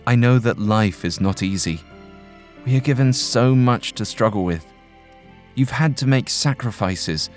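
A man voicing a young male soldier who speaks gently and earnestly, in a storytelling podcast. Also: medium pitch, a little slow, soft background music, close to an everyday voice. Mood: pleading.

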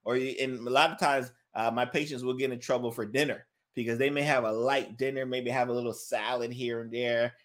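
A man's voice: mid-range voice, steady tone, brisk, few pauses, fairly bright tone. A man who works in health care, explaining diabetes care to patients on a video podcast, emphatic and direct, leaning on rhetorical questions and fillers. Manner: emphatic, drives points home with rhetorical "guess what" and "right?"; many fillers, addresses viewers directly. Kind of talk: educational video podcast talk.

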